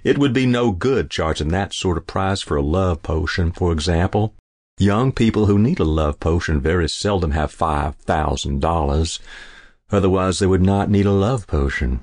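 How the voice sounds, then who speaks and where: A man voicing a calm, sly old potion seller who talks politely and indifferently. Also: deep voice, moderate pace, no room sound, studio quality. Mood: suave, indifferent.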